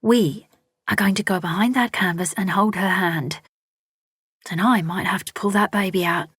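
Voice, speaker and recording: A woman voicing a sharp, plain-spoken young woman who barks orders in a storybook reading. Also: mid-range voice, normal speed, husky, no room sound, clean studio sound, lightly acted. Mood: urgent. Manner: sharp, commanding.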